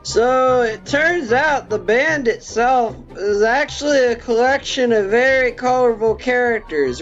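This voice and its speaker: A drunk film reviewer rambling through a profane comic plot recap. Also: mid-range voice. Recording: dull lo-fi with faint music.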